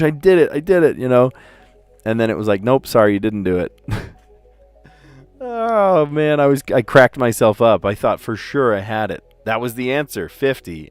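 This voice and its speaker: Male stream host, lowish voice, casual and jokey puzzle recap, soft music bed. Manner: chatty and playful, often laughing at his own stories. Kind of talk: casual chat recapping daily word puzzles.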